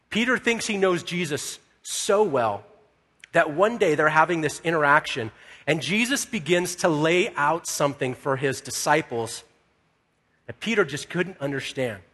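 This man's voice sits a little high and sounds somewhat bright and husky. He's a pastor delivering a sermon, recounting the story conversationally and performing the dialogue. It was recorded in an echoey hall with long reverb.

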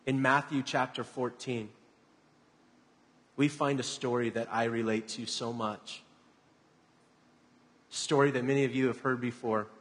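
A male pastor giving a sermon, soft and reflective, building to dramatic emphasis in places. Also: medium pitch, steady tone, a little slow, pauses often, in a large hall.

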